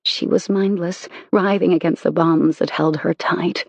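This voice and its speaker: An audiobook narrator reading a romance novel in an intimate, measured way. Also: medium pitch, steady tone, gravelly, a little mellow, no room sound.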